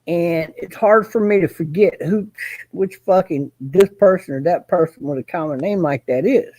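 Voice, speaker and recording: A man's voice: high voice, normal speed, dark tone, dry recording. A man hosting a casual chat, rambling and swearing, with many fillers and restarts. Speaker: host.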